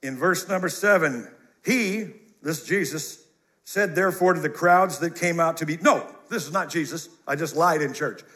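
A male pastor preaching a sermon in church, animated and jokey, giving the congregation quick commands to underline and answer. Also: a little high.

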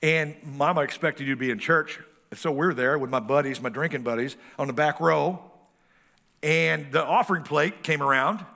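A man's voice: on the high side, normal speed, gravelly, bright, forceful tone. A man in his sixties preaching a sermon as pastor, folksy and full of stories.

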